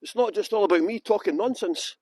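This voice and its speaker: A man's voice: high-pitched, brisk, mellow, no echo. A man chatting through a live-streamed walking tour outdoors, joking and greeting viewers by name. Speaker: tour guide. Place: outdoors at a historic cottage.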